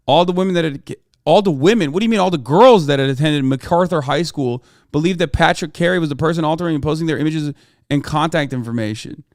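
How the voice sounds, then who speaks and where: Brief: high-voiced male streamer, heated profane rant, smooth clear tone. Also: quick pace, no echo, studio quality. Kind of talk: live-stream reaction rant.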